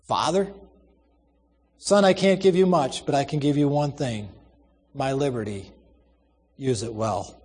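A man playing a gentle, self-sacrificing old convict. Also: mid-range voice, unhurried, long pauses, husky, long reverb tail. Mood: pleading. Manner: gentle, pleading, quietly resigned.

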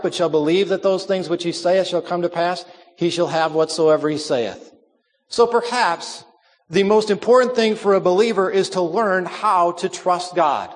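A man's voice: sits high, long reverb tail. A man preaching a sermon, earnest and emphatic, repeating his key phrases.

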